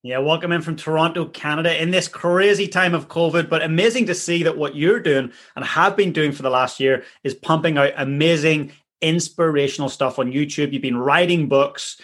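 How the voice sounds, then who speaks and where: A man hosting a podcast, reading his show intro and a guest introduction in an upbeat, energetic way, then greeting his guest. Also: fairly high pitch, moderate pace, hardly any pauses. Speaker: podcast host and success coach.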